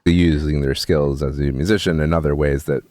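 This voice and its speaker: A man co-hosting a podcast, relaxed and affirming, chiming in with short agreements. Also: extremely low pitch, moderate pace, no echo, studio quality. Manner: relaxed, affirming, backchannels often. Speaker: podcast co-host. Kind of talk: casual podcast conversation.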